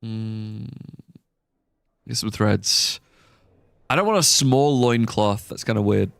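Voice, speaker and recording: Slow-talking young man streaming a game. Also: lowish voice, gravelly, a bit bright, dry recording. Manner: rambling, thinking aloud with fillers. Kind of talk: casual live-stream chat.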